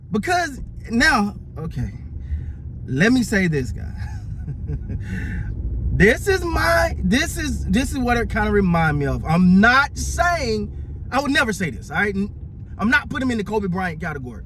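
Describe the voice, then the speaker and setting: Animated high-voiced man talking sports. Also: normal speed, slight background noise. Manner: animated, repeats words, laughs often. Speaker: sports commentator. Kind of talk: casual sports talk.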